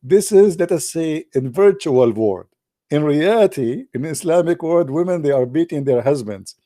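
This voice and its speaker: A man's voice: a little high, animated, moderate pace, warm tone, no echo, clean studio sound. A man from the Arab world giving casual joking commentary with teasing asides. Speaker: vlogger.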